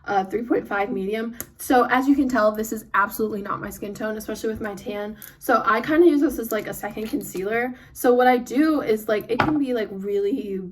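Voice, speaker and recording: Rambling, high-voiced young woman vlogger. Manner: rambling, chatty, fast, full of fillers. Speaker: beauty vlogger. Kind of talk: get-ready-with-me chat. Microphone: phone. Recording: phone mic from a distance, some noise.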